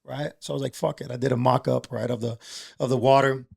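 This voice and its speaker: A man's voice: mid-range voice, flat delivery, fast talker, creaky, a little mellow, breathy edge. A middle-aged man, candidly telling a personal story in a casual podcast chat, streetwise and emotional. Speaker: podcast guest, entrepreneur.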